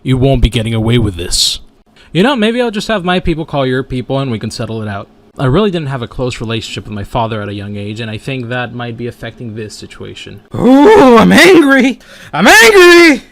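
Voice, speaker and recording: A performer voicing a goofy male furry video game character, delivering voice lines in a wildly over-the-top way that swings from shouts to mumbles. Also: medium pitch, expressive, fast talker, dry recording, lightly acted. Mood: taunting.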